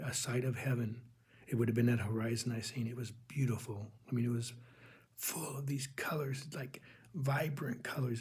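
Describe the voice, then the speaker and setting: Husky-voiced man telling an earnest spiritual testimony. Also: mid-range voice, a little mellow. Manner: earnest, halting, addresses listeners as "people". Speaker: religious video host.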